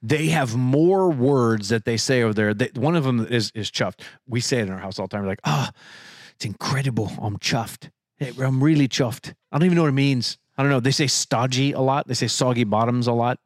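A man's voice: medium pitch, fast talker, hardly any pauses, dry recording. Chatty man, dry close sound. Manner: laughing, playful, explains at length. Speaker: podcast co-host. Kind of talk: casual chat.

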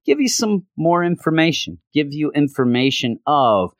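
A man's voice: on the high side, big pitch swings, normal speed, no echo, studio quality. A man casually recapping a comic plot in a rambling way, with lots of fillers. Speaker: comic book reviewer.

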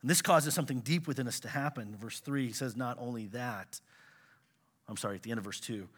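Bright-voiced animated male preacher. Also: mid-range voice, brisk, breathy edge. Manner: animated, swings between loud exclamations and quiet asides. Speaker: pastor. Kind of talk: sermon.

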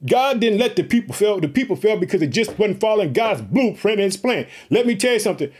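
A man preaching an energetic sermon, excited and pumped up, often calling out to his listeners and repeating catchphrases. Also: high voice, fast, slightly rough.

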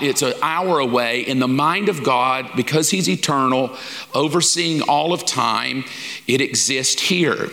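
A pastor with a mid-range, sharp-toned voice teaches a lesson series in a folksy, informal, conversational sermon. He acts out little quoted asides, and the recording carries the long reverb of a large hall.

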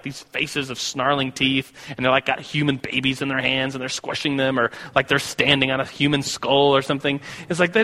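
A man's voice: on the high side, bright, forceful tone. An American man giving a sermon, telling a personal story in a conversational way with many restarts. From United States. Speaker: preacher. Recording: long reverb of a hall.

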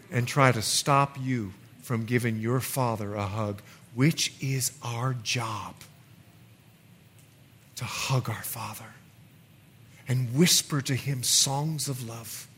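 A man preaching a sermon as pastor, building to emphatic outbursts and easing into soft, quiet appeals. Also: mid-range voice, takes it slowly, pauses often.

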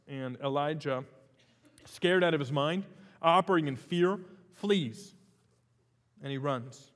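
A man's voice: on the high side, slow, long pauses, a bit bright, in a large hall. A man preaching a sermon as pastor, in a conversational way with frequent fillers and restarts.

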